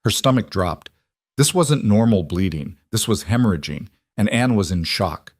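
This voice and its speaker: A man narrates a frontier tale in a calm, measured way. His voice sits low, and it sounds close and dry, with no room around it. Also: dry recording. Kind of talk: scripted storytelling narration.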